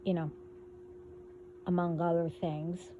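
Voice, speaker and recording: Slow, low-voiced woman giving spiritual warnings. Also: flat delivery, mellow, a little hiss or hum. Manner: rambling, halting, warning tone. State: hiccups. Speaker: spiritual video host. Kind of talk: casual spiritual monologue.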